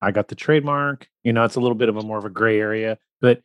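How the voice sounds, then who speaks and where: A man with a low voice hosts a podcast in casual chat. He thinks aloud, circling his point, in a dry, close sound. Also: quick pace, no room sound, highs cut off. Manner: thinks aloud with fillers and restarts. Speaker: podcast host.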